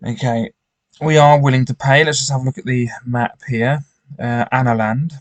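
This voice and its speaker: A man's voice: mid-range voice, fairly even intonation, moderate pace, dry recording. A man reading a gamebook aloud with commentary, often stumbling and restarting his sentences. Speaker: gamebook player.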